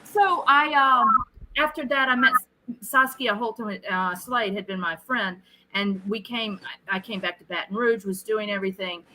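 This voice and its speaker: A middle-aged woman, a film director being interviewed, telling stories in a casual, animated way and acting out what people said. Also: medium pitch, normal speed, noisy background. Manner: animated storyteller who acts out quoted lines.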